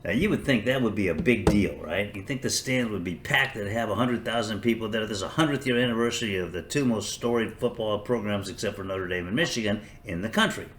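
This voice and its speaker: A man's voice: lowish voice, a little fast, hardly any pauses, a bit bright, slight background noise. An older man hosting a podcast, talking in a sarcastic, rambling, self-mocking way in a casual comedic monologue. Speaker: podcast host.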